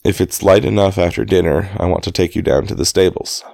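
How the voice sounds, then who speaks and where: A man reading the lines of a brusque, glum wealthy man in a deep gravelly voice. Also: steady tone, fairly quick, darkish tone, no room sound.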